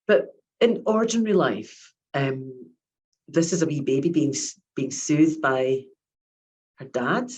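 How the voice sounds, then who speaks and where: A woman's voice: low voice, a little mellow, poor audio. A woman, giving a chatty academic lecture on child psychiatry and often repeating her words.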